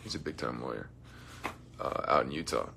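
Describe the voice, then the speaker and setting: Speaking in a bass voice that's slightly rough with vocal fry, a young man moves at a moderate pace through a casual dressing-room livestream. He jokes playfully, reads viewer comments, and sometimes trails into quiet mumbles.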